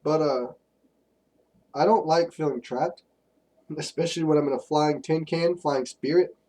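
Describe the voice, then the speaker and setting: A young man, co-hosting a podcast and telling crude, animated stories in casual chat, a bit far from the mic. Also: fairly high pitch, unhurried. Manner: profane, animated storytelling. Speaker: podcast co-host.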